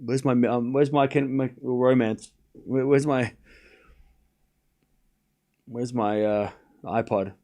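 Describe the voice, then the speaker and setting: A man hosting a live tennis watchalong stream, calling the score and chatting casually with his viewers in an excitable, teasing way. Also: slow pace, long pauses. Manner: excitable, jumps up in pitch and volume, chats with viewers; teasing, laughs often.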